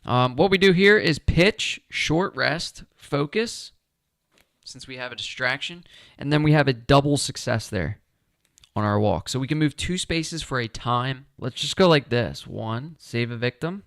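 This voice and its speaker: A man's voice: mid-range voice, unhurried, gravelly, fairly bright tone, dry recording, studio quality. Man narrating a solo board game. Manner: chatty, talks himself through each move.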